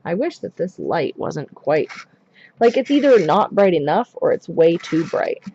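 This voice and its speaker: A woman's voice: on the low side, big pitch swings, unhurried, warm tone, muffled recording, a little hiss or hum. Chatty woman rambling while doing nails. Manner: chatty, rambling, many ums and asides. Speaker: nail art streamer. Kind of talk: casual live-stream chat while working.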